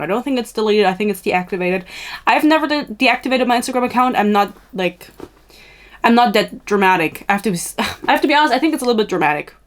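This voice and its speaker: A woman hosting a podcast in a casual, tangential chatty style, swearing freely and laughing at her own asides. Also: medium pitch. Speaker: podcast host.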